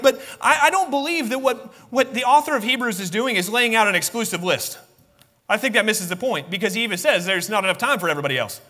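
Male pastor, impassioned sermon, high ringing voice, long church reverb. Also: animated, brisk, bright, forceful tone. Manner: impassioned preaching, acts out voices of biblical figures. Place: church sanctuary.

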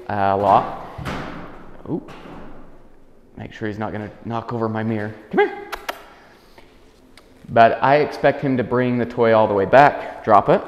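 A man working as a dog trainer, calmly explaining a demonstration and giving soft commands to a dog indoors in a house. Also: fairly low pitch, background noise. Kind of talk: instructional demonstration. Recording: echoey room with long reverb, dull lo-fi sound.

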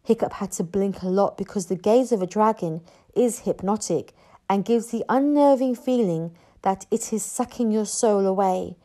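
A woman narrating a children's book aloud in an expressive storyteller manner. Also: medium pitch, normal speed.

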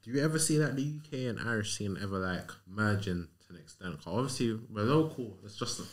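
A man hosts a relaxed interview, asking his questions in an easygoing way with plenty of slang fillers. His voice sits on the low side. He keeps the talk loose and conversational. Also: quick pace. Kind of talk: casual interview chat.

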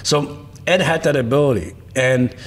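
In an interview, a medium-pitched man tells martial arts stories at a moderate pace. He's emphatic, tags his points with "right?", and leans on repetitive rhetorical lists.

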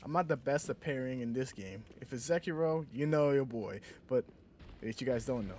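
A man giving casual gameplay commentary, cursing and trash-talking enemies, with sudden high outbursts. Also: brisk, a little mellow, slight background noise. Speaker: gameplay streamer.

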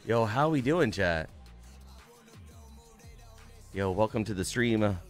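A man's voice: lowish voice, animated, takes it slowly, faint music behind. A young man streaming a game, chatting casually and upbeat, greeting viewers by name and swearing now and then. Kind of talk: casual live-stream chat.

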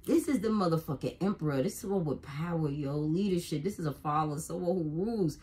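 Husky profane tarot reader woman. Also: deep voice, fairly quick. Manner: profane, laughs often, exclaims loudly. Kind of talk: casual tarot reading.

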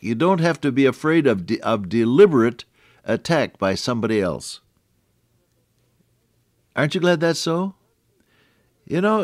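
A man's voice: medium pitch, no echo, studio quality. An older man giving a folksy, conversational radio devotional sermon and chuckling at his own jokes. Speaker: radio preacher.

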